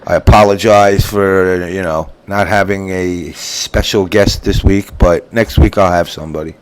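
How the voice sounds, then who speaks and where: A man's voice: low voice, steady tone, unhurried, smooth. A man hosting a casual online show, tired from lack of sleep, teasing and crude with his guests over a voice call. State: sleep-deprived. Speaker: show host.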